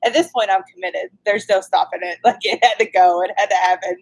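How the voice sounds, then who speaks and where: Woman, 30s, co-host of a casual live chat, mid-pitched, laughs often, self-mocking storyteller. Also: brisk, low-quality recording.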